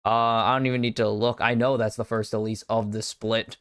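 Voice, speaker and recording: A man's voice: lowish voice, little pitch movement, fairly quick, a bit bright, clean tone, dry recording, clean studio sound. A man from the United States casting an esports draft alone on a live stream, chatty and self-deprecating, muttering asides to himself. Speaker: esports caster.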